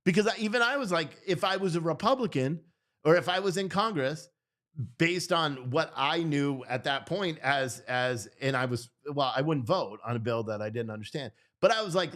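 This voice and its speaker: Profane, rambling male host, fairly high voice. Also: expressive, fairly quick, fairly bright tone. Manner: rambling, profane, self-interrupting. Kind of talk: casual political commentary stream.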